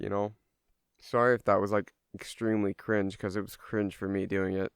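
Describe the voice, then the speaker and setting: A man's voice: on the low side, level tone, normal speed, gravelly, clear, resonant tone, no echo, clean studio sound. A young man telling a personal story in a casual, rambling way, swearing freely and using lots of fillers. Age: young adult.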